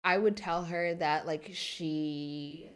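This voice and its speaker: A young woman in her twenties speaks as a podcast guest, her voice sitting low. She talks in a soft, reflective way, pausing often and leaning on fillers as she thinks aloud. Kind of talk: podcast interview.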